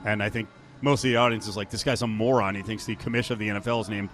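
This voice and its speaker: A man's voice: fairly low pitch, steady tone, racing, a bit bright. A man co-hosting a sports radio show, bantering casually with a sarcastic, joking edge.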